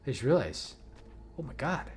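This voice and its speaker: A man casually commenting on his own gameplay as a let's play host, rambling and swearing with excited outbursts. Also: medium pitch, normal speed, slight background noise.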